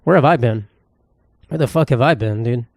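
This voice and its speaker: A man's voice: mid-range voice, moderate pace, gravelly, dry recording, studio quality. A young man, hosting a solo comedy podcast in a profane, sarcastic, rambling rant. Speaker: podcast host.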